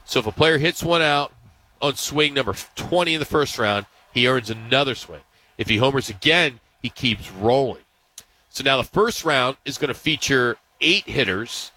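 Male sports radio host, mid-pitched, bright and forceful, upbeat news rundown. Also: lively intonation, a little hiss or hum, poor audio. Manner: reads news items in a brisk, upbeat way. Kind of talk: casual sports talk.

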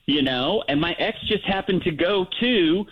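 A man's voice: high voice, expressive, moderate pace, breathy edge. A man calling into a radio show, answering defensively about his family. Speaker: caller. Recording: muffled phone line.

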